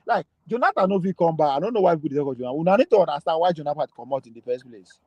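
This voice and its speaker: Lively, high-voiced Nigerian man arguing politics. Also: rapid-fire, no echo, dull audio. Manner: animated, laughing, argumentative. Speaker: political talk show host. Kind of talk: casual political chat in Pidgin and English.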